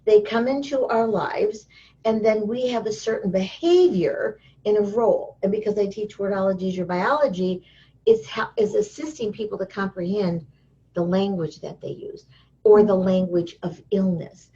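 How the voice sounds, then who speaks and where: A woman guest in an interview, telling stories in a lively way and acting out the voices of the people she quotes. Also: mid-range voice, normal speed. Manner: lively storyteller who acts out quoted voices. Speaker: interview guest, healing teacher. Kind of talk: casual interview talk. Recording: dull lo-fi sound.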